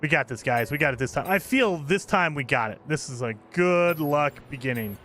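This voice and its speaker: A man with a fairly high, bright voice talks loosely with his live chat as he plays. His talk is chatty and full of laughter, with faint game music playing under his voice. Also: lively intonation, fairly quick. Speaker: game streamer. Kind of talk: casual live game commentary.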